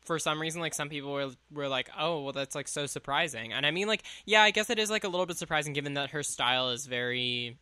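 A young-sounding man with a bright, fairly high voice, chatting loosely about music as a podcast co-host. He rambles and fills every gap with "like." The sound is dry and close. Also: fast, few pauses, clear, resonant tone, dry recording. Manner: rambling, heavy use of "like", trailing off. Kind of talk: casual chat about music.

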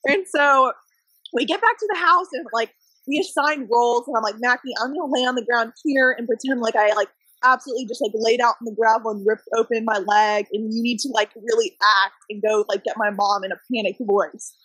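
A young woman telling a high-school story in casual chat, animated and full of "like". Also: brisk, husky, no echo. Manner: animated, lots of "like", laughs often. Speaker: podcast guest.

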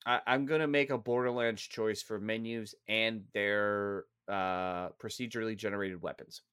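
A man's voice: lowish voice, fairly even intonation, moderate pace, fairly bright tone, clear, resonant tone, no room sound, studio quality. A man co-hosting a casual gaming podcast, joking and ranting with a lot of swearing. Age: adult father of three. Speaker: podcast co-host.

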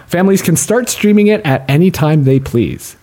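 A man's voice: on the high side, lively intonation, moderate pace, a little mellow. A man hosting a comedy podcast, reading news articles aloud and joking with his co-hosts, including pretend phone calls. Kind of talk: casual comedy podcast chat.

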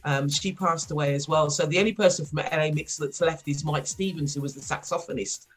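A middle-aged woman from Wolverhampton with a mild West Midlands accent, chatting as a podcast guest, laughing often and filling pauses with ums. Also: low voice, fairly even intonation, soft background music. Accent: mild West Midlands English. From Wolverhampton, England. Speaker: guest, former rapper. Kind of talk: podcast interview.

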